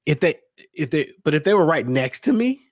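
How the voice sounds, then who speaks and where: A man's voice: on the high side, very animated, fairly quick, dry recording, studio quality. A man on a podcast who talks in a hesitant, thoughtful way and searches for his words. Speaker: podcast co-host. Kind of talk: casual conversation.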